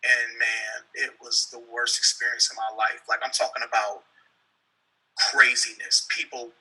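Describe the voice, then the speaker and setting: Male fitness trainer, guest storyteller on a team call, husky tone with a piercing edge, earnest, repeats himself. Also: mid-range voice, level tone, a little slow, pushed and bright, poor audio. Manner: earnest, repeats phrases, acts out the dialogue he tells.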